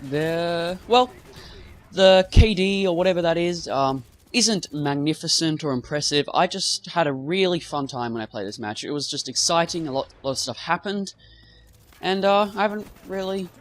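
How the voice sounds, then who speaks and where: A man's voice: a little high, a bit bright. Young man rambling over gameplay. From half British. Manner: rambling, many fillers and asides. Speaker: gaming commentator. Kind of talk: casual storytelling over gameplay.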